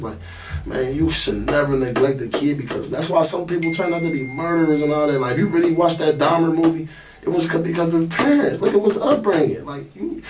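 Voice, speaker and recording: Candid man telling a painful story. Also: a little high. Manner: emotional, candid, heavy with fillers. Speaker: podcast host. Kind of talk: personal storytelling monologue. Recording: distant mic, faint ambient noise.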